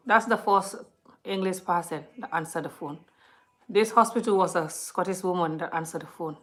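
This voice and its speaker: A woman's voice: fairly low pitch, moderate pace. Chatty woman telling a story to viewers. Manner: chatty, talks a lot; animated retelling, often addresses viewers. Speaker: vlogger on a live stream. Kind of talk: casual storytelling chat.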